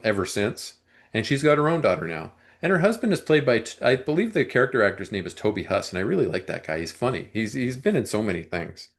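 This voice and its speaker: Low-voiced man rambling about movies. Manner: rambling, frequent throat clearing and restarts. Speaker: movie review podcast co-host. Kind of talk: casual movie discussion.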